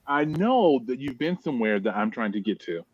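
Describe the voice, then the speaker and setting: A man's voice: mid-range voice, sing-song, a little fast, highs cut off. A man in a group book discussion who reflects aloud, asks rhetorical questions and laughs easily. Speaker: discussion guest.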